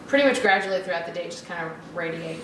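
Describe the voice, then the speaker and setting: A woman's voice: fairly low pitch, racing. Hesitant young woman, roomy distant sound. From Oklahoma, USA. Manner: hesitant, many ums, soft-spoken. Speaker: patient. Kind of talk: casual interview. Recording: roomy, distant mic, audible noise.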